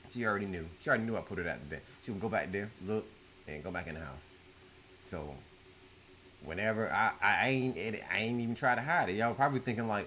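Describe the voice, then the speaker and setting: With an expressive voice and a quick pace, a middle-aged man shares a story from his own life for YouTube, casual and full of profanity. He alternates loud outbursts with low mutters at home, and there's slight background noise.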